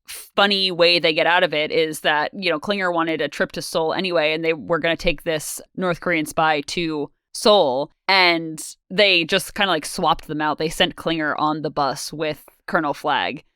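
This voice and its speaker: A woman's voice: low voice, moderate pace, few pauses, smooth, no echo, studio quality. A woman co-hosting a casual podcast, chatting and laughing often while she acts out quotes. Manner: giggly, laughs often, animated quoting. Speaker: podcast co-host. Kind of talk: casual chat.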